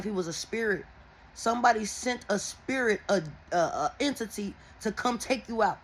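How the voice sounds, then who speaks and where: A woman who reads tarot, telling viewers a dream in a casual, animated and heavily profane way. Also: mid-range voice, a little hiss or hum, rough recording. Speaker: tarot and oracle reader.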